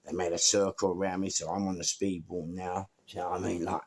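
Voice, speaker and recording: A man's voice: low voice, quick pace. A middle-aged man with a London accent, casually telling an anecdote and acting out the voices of everyone in it. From England. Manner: animated storytelling, acting out both sides of dialogue. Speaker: storyteller. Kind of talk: casual anecdote told to camera.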